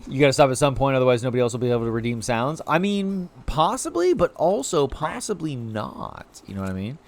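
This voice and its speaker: A man's voice: mid-range voice, rapid-fire. A man streaming a video game live, chatting casually with his viewers as he plays. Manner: chatty, talks to chat while playing.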